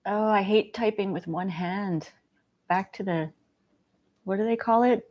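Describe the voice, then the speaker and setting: Gentle chatty woman livestream host. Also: medium pitch, a little slow, lo-fi sound. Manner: gentle, chatty, laughs often. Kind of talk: casual livestream chat.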